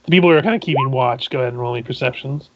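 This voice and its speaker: Acting as game master, a man narrates a tabletop game, describing scenes in a halting, methodical way. His pitch is medium, the audio is dull, and there is no room sound.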